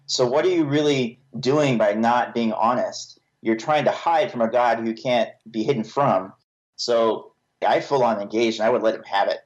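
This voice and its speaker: A man's voice: medium pitch, moderate pace, muffled recording. A male podcast guest giving a frank, earnest personal testimony with a self-deprecating edge.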